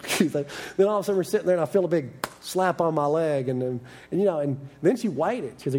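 A middle-aged man preaching a sermon, telling personal stories with animated quoted dialogue in an earnest manner. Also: fairly high pitch, moderate pace, long pauses, husky. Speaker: preacher teaching on repentance.

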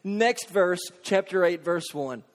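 A man preaching a sermon, earnest, posing rhetorical questions and dropping into hushed intensity. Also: high-pitched, lively intonation, takes it slowly. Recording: long hall reverb.

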